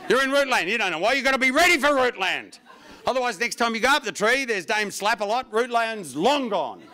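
A man's voice: very high-pitched, brisk. A man performing a stand-up comedy routine, wry and profane, telling stories with lots of energy. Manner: wry, profane, animated storytelling.

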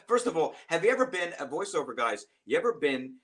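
A man who is a voice actor, chatting casually on a livestream panel in a rambling, jokey way with halting restarts. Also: on the high side, big pitch swings.

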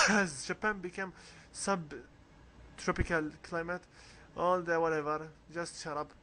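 Slow, bright-voiced man narrating a walkthrough. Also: on the high side, steady tone, a little hiss or hum. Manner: rambling, coughs often, reads game text aloud. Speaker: let's play host. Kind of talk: casual game walkthrough commentary.

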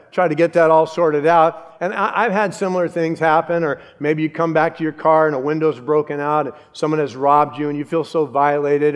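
Older pastor preaching in a reverberant church. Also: male voice, a little high. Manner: conversational, humorous preaching. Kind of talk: sermon. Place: church sanctuary.

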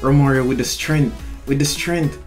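A young man, excitably commentating his own football gameplay in a slangy, chatty way, talking straight at the screen. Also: medium pitch, normal speed, faint music behind. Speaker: gaming channel host.

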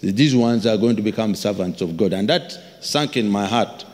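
A man preaching a sermon as a pastor, telling stories with acted-out voices and sudden shouts. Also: lowish voice, moderate pace. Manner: animated storytelling, acts out voices, shouts for emphasis. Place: large church hall. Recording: long hall reverb.

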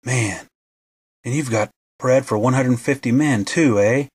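A man's voice: mid-range voice, unhurried. A man voicing a greedy, scheming soldier who talks in an eager, wheedling way. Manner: eager, wheedling, hoarse whisper.

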